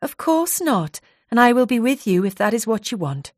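A woman playing a gentle hairdresser. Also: fairly high pitch, moderate pace, dry recording, clean studio sound, pitched above the performer's own voice. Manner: gentle, steady, reassuring. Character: kind, careful woman hairdresser.

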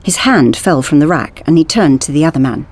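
A woman reading a science-fiction story aloud in a measured, expressive way. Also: low voice. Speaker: audiobook reader. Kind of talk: scripted narration.

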